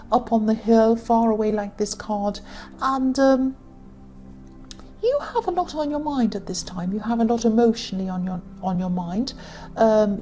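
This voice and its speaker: A woman giving a tarot reading to her viewers, talking in a halting way with many fillers and self-corrections. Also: medium pitch, mellow. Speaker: tarot reader.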